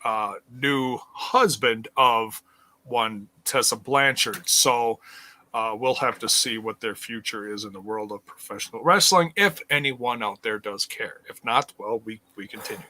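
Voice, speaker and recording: A man's voice: medium pitch, unhurried, bright, forceful tone. A man co-hosting a casual wrestling podcast, reading out the news in a rambling way with many fillers.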